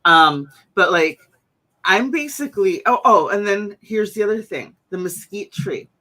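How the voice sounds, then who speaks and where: A woman's voice: medium pitch, expressive, a little slow, pushed and bright. A woman hosting a casual conversation, chatty, with many fillers and restarts. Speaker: host.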